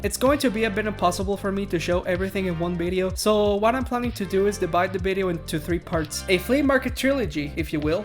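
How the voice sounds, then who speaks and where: A man with a crusty, nasal voice narrates a scripted vlog in a chatty, self-mocking way, often playfully answering his own questions. He speaks into a clean, high-quality mic. Faint music plays behind him. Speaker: channel host. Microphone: new, high-quality mic.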